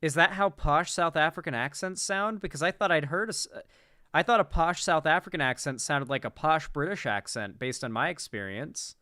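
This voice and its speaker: A man riffs through casual political reaction commentary, swearing freely and wandering off mid-thought. His voice sits a bit high and comes across smooth and crisp, recorded close and dry. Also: expressive, moderate pace, pushed and bright, no room sound. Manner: profane, rambling, incredulous.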